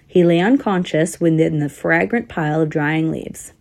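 A woman's voice: low-pitched, normal speed, creaky, a little mellow. A woman narrating a children's storybook aloud, with wry, dry asides to the listener.

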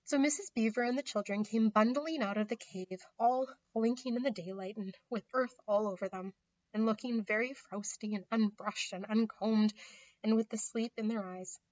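A woman reading a children's storybook aloud in a gentle, measured narration. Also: fairly high pitch. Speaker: reader. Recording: slightly muffled recording.

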